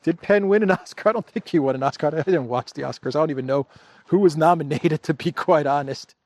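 A man's voice: on the high side, fast, no room sound. A man hosting a political commentary show, talking casually and wryly, chuckling, with loose restarts.

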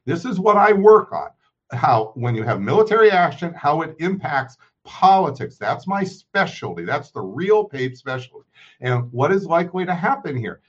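Emphatic scholar on a muffled line. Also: male voice, on the high side, very animated, moderate pace, slightly rough. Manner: emphatic, lecturing, drops voice on grave points. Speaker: political scientist guest. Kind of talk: interview analysis. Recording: muffled remote audio.

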